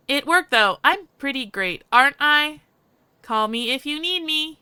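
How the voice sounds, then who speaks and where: A woman's voice: sits high, lively intonation, a little slow, bright, forceful tone, dry recording, pitched above the performer's own voice, exaggerated voice. A woman voicing a sprightly, smug AI companion with a cheerful, self-satisfied manner. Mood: chirpy. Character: sprightly smug AI living in a man's head.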